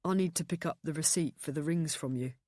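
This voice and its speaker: A woman voicing a calm refined man. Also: low-pitched, dry recording, studio quality. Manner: calm, measured, soft-spoken. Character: calm, reserved, refined young British man. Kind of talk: audiobook narration.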